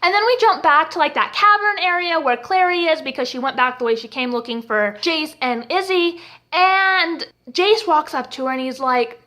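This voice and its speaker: Young woman, high voice, bright tone, sarcastic, laughing, casual TV recap. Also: moderate pace. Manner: sarcastic, laughs often while retelling. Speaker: TV episode reviewer.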